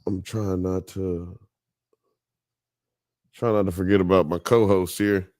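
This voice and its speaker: A man's voice: deep voice, level tone, unhurried, darkish tone, dry recording, clean studio sound. A man hosting a podcast live stream, chatting casually in a profane, joking, rambling way. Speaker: podcast host.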